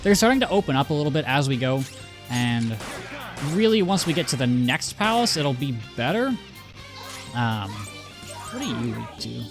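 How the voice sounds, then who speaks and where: Casual male let's-play host: rambly, easily distracted, laughs a lot, mid-pitched, game music underneath. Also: big pitch swings, moderate pace, long pauses. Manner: chatty, rambling, self-interrupting, laughs easily.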